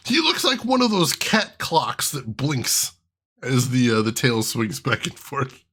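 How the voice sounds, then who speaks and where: A man's voice: mid-range voice, very animated, takes it slowly, pauses often, bright, forceful tone, husky. A man hosting a let's play, joking through casual game commentary, greeting chat and laughing often.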